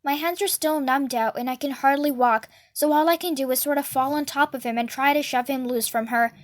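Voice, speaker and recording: A woman narrates a novel aloud for listeners in steady, earnest tones. Her voice is high. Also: a little fast, few pauses. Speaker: book reader. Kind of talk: read-aloud storytelling.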